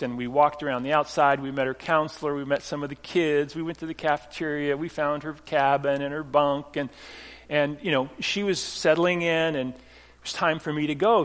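A middle-aged man preaches in earnest, his voice sitting fairly high for a man. He drops to a near-hush and rises again to firm emphasis, with frequent restarts. Long reverb from a church hall trails after each phrase. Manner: earnest storytelling with restarts, swinging from hushed to emphatic. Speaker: pastor. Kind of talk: sermon.

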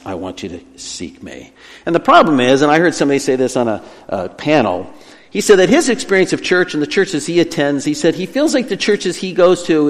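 A man preaching a sermon as pastor, earnest, slowing and softening when he voices God's words. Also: on the high side. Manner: earnest preaching, slows down and drops quieter for quoted words of God. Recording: long hall reverb.

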